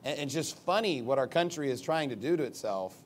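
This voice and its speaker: A man's voice: mid-range voice, expressive, brisk, a little hiss or hum. A male pastor preaching a sermon off the cuff. He rambles at times and turns emphatic when he reads scripture.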